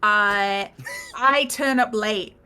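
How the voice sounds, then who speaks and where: A woman's voice: mid-range voice, very slow, bright, forceful tone, clear, resonant tone. A woman casually recapping the last session of a tabletop game, rambling, laughing and swearing as she quotes the characters.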